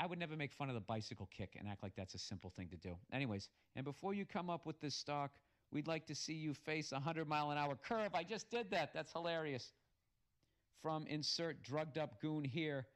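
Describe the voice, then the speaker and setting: An American man hosting a podcast, ranting sarcastically and swearing heavily while reading out listener messages. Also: medium pitch. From United States. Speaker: podcast host. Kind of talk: profane comic rant reading listener messages.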